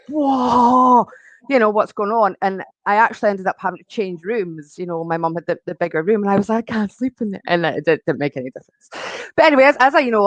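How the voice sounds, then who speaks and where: A woman's voice: on the low side, no room sound, rough recording. A woman in her forties, a guest telling her own story in a loose, chatty way full of ums and likes. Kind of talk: personal storytelling in conversation.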